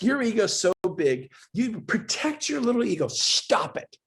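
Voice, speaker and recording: A man's voice: sits high, sing-song, unhurried, creaky, hardly any pauses, fairly bright tone, husky. A man coaching on a webinar video call, talking emphatically and pushing his listeners, often climbing into exclamations. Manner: emphatic, pushy, builds to exclaiming. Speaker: real estate coach. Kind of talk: motivational webinar talk.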